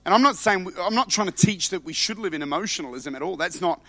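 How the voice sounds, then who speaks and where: A male preacher delivering a sermon in a high, bright, forceful voice. He jumps from hushed asides up to fervent shouts and often stumbles into repeated words. The sound is close and dry. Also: lively intonation, fast, no room sound. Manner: passionate, swings between loud shouts and quiet asides, repeats words.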